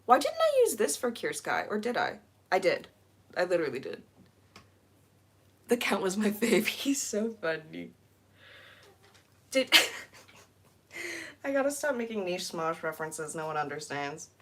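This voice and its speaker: A young woman live streaming while she cleans, chatting casually with giggly, rambling asides and excited squeals. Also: medium pitch, a little slow, pauses often. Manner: bubbly, squealing excitedly at new members.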